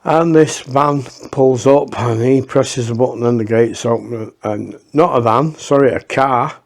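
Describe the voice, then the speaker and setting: A man's voice: medium pitch, measured pace. A man telling a rambling, profane anecdote in a casual way, with many restarts. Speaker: storyteller.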